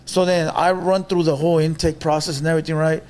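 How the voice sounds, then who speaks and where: Animated man telling a story. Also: on the high side, quick pace. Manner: animated storyteller, mixes Spanish slang, acts out quotes. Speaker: podcast guest telling a story. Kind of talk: casual storytelling.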